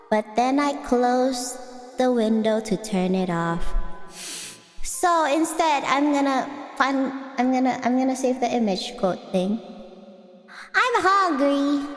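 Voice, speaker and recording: A young woman with a high voice chats with her viewers in a playful, giggly ramble. She talks at an unhurried pace. An echo effect gives her voice a long, roomy reverb. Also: animated. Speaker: streamer. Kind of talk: casual chat with viewers. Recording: echoey reverb with faint music.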